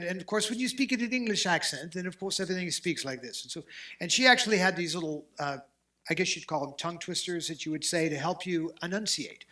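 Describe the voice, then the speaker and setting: Bright, animated male host. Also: a little high. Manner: animated, opinionated, with frequent restarts. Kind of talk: casual chat.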